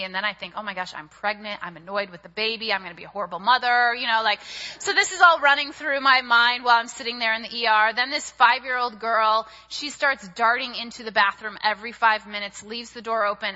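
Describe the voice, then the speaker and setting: A woman with a bright, forceful voice preaches, telling her story in an animated, chatty way full of fillers. Her voice sits a little high and rings out with a long hall reverb. The sound is dull, with the top end rolled off. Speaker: speaker at a church service. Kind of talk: sermon with personal storytelling.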